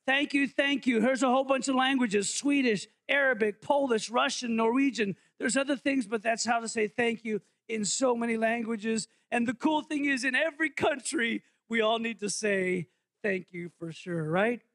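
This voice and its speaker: A man's voice: extremely high pitch, normal speed, fairly bright tone, dry recording. A man preaching as interim pastor, in a playful, jokey way, quizzing his congregation during an interactive holiday sermon.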